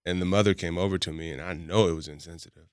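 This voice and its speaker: A man's voice: low voice, fairly even intonation, fast talker, noisy background. A middle-aged man chatting casually as a podcast guest, blunt and emphatic. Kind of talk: casual chat.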